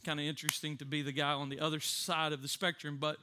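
A man preaching a sermon with comic stories, animated, laughing often and acting out voices. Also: a little high, fast, slight background noise.

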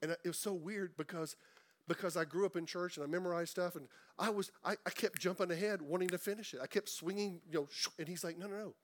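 A middle-aged man preaching a sermon in a conversational way, repeating words and slowing down for emphasis. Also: high voice. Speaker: pastor.

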